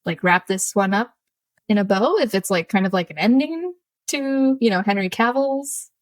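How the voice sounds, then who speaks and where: A woman's voice: mid-range voice, moderate pace, no room sound. A woman co-hosting a podcast in casual chat, talkative and laughing often, drifting into tangents. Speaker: podcast co-host.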